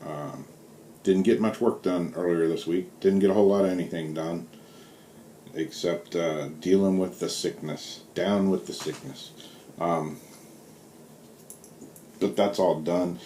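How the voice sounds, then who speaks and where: A middle-aged man with a Southern US accent telling stories in a relaxed, rambling vlog, full of fillers. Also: sits low, unhurried, pauses often. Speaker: vlogger. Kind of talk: casual storytelling vlog. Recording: roomy with faint background hiss.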